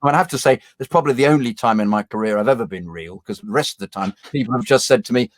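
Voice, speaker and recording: A man tells stories from his acting career on a video call. He is animated and slips into the voices of the people he quotes. His voice sits at a middle pitch and sounds dry and close to the mic. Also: fast, dry recording. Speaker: actor guest. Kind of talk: casual chat, anecdote telling.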